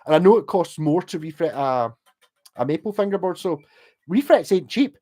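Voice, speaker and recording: A man's voice: on the high side, lively intonation, normal speed, mellow. A Scottish man rambling casually on a livestream about guitar repair, with many restarts and the odd swear word.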